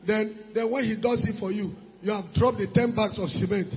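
A man with a Nigerian English accent preaching a sermon, animated, breaking into shouts and pidgin asides. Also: high-pitched, brisk. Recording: dull recording in a reverberant hall.

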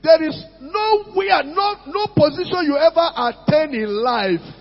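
A man's voice: very high voice, animated, unhurried, soft background music. A man preaching a sermon as pastor, calling out to his congregation and asking them for responses. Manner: preaching with call-outs to the congregation. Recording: muffled lo-fi recording in a reverberant hall.

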